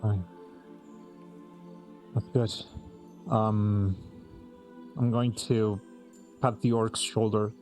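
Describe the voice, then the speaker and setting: A man playing a tabletop game, calmly describing what his character does. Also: on the low side, extremely slow, long pauses, soft background music. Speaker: player. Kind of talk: tabletop role-play.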